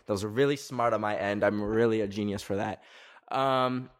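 A man's voice: on the low side, steady tone, moderate pace. A man hosting a casual chat show from his garage, rambling with lots of fillers and poking fun at himself, sweaty in the summer heat. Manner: rambling, filler-heavy, self-mocking. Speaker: podcast host.

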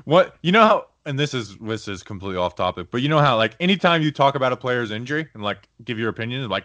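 A man's voice: mid-range voice, lively intonation, fast, hardly any pauses, fairly bright tone, no room sound. A man hosting a podcast in casual chat, telling jokey stories and teasing his co-hosts. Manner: joking, storytelling, teasing. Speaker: podcast host.

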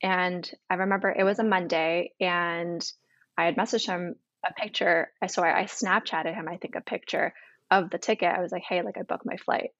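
A woman's voice: on the low side, steady tone, moderate pace, a bit bright, no echo, muffled recording. A woman in her twenties from Canada, telling a personal story as an interview guest, chatty and full of quoted dialogue.

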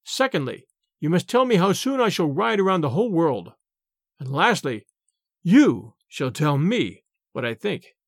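A haughty medieval king barks orders and scolds, put on by a male storyteller. The voice sits high and swings widely, and the sound is close and dry. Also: big pitch swings, unhurried, dry recording, exaggerated voice. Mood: stern. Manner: imperious, scolding. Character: proud, angry medieval king, grown man. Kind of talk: storybook character voice.

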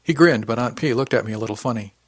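A man narrating a first-person audiobook, lifting his pitch for character lines and dropping low on dialogue tags. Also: quick pace, no echo.

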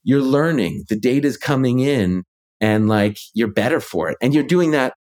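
A man's voice: mid-range voice, expressive, moderate pace, darkish tone. A man who is a ghostwriter and author, a guest in a casual conversation, talking through his ideas reflectively with many fillers.

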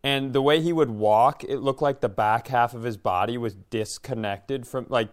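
A man's voice: medium pitch, normal speed. A middle-aged man co-hosting a podcast, telling a long rambling story in casual chat and swearing freely. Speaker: podcast co-host.

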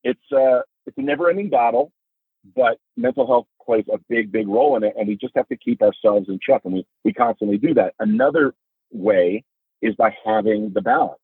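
A middle-aged podcast guest with a husky voice talks fairly quickly over a dry, phone-like remote line. As the father of a son with epilepsy, he describes family life with earnest, emphatic storytelling, his pitch lifting when he's moved.

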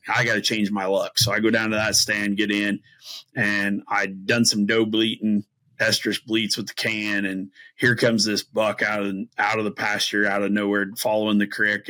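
Midwestern man, low forceful voice, rambling hunting tale; podcast guest, lots of ums and restarts, animated. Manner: rambling, many fillers and restarts; animated, acts out quoted voices. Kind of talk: casual storytelling.

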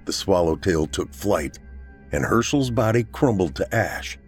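A man hosting a podcast, reading a horror story aloud in a measured, dramatic way. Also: low voice, animated, faint music behind. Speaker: podcast host and narrator. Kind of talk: scripted horror story narration.

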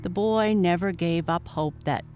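A woman reads a children's story aloud at a slow, deliberate pace. Her voice is calm, measured and a little low. Soft music plays faintly behind her. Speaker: narrator. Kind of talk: storybook narration.

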